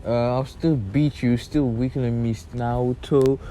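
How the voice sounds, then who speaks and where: A man's voice: mid-range voice, steady tone, measured pace, warm tone, voice pushed up, lightly acted. A young man voicing a whiny, haughty young female ninja in a fan story. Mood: indignant.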